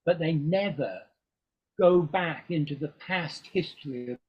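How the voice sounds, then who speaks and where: In a relaxed interview, an older musician from England talks a little slowly in a husky, high-leaning voice. His answers ramble, broken by ums and restarts. The recording is lo-fi and dull.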